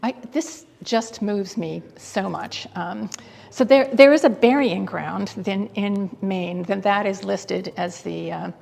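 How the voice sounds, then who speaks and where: The hall's long reverb surrounds this guest curator as she answers interview questions enthusiastically yet hesitantly, full of "um"s and restarted sentences. Her medium-pitched voice is gravelly, breathy, and darkish in tone.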